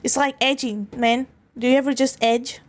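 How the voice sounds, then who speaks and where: A woman's voice: sits high, steady tone, moderate pace. A woman streamer chatting casually with her viewers, giggling often, rambling and crude, stumbling and restarting her words. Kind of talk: casual livestream chat.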